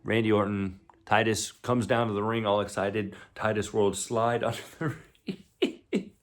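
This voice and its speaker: Deep-voiced rambling wrestling vlogger man. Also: normal speed. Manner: rambling, excitable, laughs easily. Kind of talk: casual chat.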